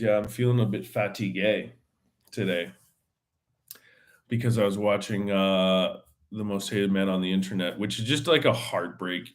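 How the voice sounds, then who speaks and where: Hosting his own podcast alone, a man with a fairly low voice chats casually in a rambling, slangy way, full of fillers and restarts.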